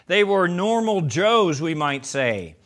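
A male pastor preaching an emphatic sermon, calling his listeners beloved and swinging from loud declarations to hushed appeals. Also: high-pitched, big pitch swings, takes it slowly.

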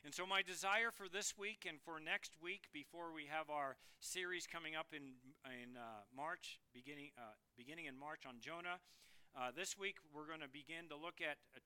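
A man delivering a sermon from a church pulpit, his voice pitched high and strikingly bright. He leans hard on key words and builds to loud, forceful bursts before dropping back to a quieter, measured teaching tone. The delivery is smooth and clear throughout. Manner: emphatic, rising to loud bursts. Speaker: pastor.

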